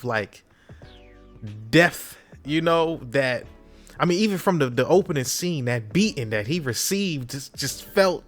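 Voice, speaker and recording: A man co-hosting a podcast, talking in a relaxed, casual way with lots of fillers like "you know what I'm saying". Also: on the high side. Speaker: podcast co-host. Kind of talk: casual chat.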